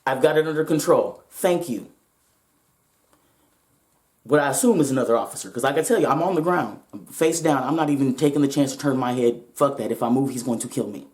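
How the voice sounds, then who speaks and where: A woman's voice: rumbling low, fast talker, few pauses, a little mellow, echoey room. A woman vlogger telling a personal story to her viewers, blunt, profane and emphatic, her voice shaking with nerves.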